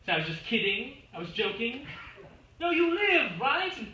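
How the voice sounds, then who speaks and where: An actor playing a middle-aged fan of a musical, confiding and rambling with wry asides, recorded on stage. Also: male voice, very high voice, sing-song, normal speed, sharp tone, dull audio, exaggerated voice. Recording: echoey stage from far off with music.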